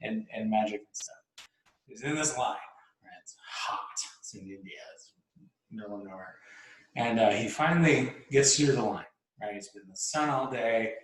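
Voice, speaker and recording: A man casually telling a long story, rambling with restarts, laughs and swearing. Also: medium pitch. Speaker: podcast host telling a story. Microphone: laptop mic. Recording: echoey room.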